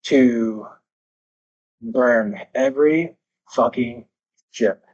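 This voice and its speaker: A man's voice: mid-range voice, very slow, a little mellow, dull audio. A man talking as a podcast guest, intense and emphatic, swearing heavily while he talks candidly about growth. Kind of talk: candid motivational talk.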